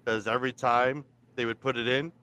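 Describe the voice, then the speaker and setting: A man co-hosting an easygoing podcast chat, telling his story in a plain, unhurried way. His voice sits in a middle range for a man. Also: mid-range voice, steady tone, sharp tone, smooth, dry recording. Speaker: podcast co-host. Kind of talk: casual chat.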